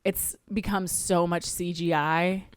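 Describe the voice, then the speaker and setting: A woman's voice: fairly low pitch, steady tone, takes it slowly, smooth, no echo, studio quality. A young woman co-hosting a podcast, chatting casually about a film, rambling and often questioning herself as she acts out her own reactions. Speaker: podcast co-host. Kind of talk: casual movie review chat.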